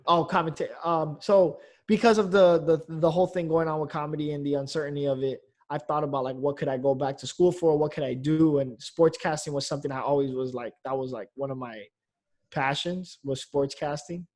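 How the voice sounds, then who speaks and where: A man's voice: on the high side, fairly even intonation, brisk, darkish tone. A man, a comedian, chatting casually on a podcast in a loose, rambling way, full of fillers and the odd curse. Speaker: comedian guest.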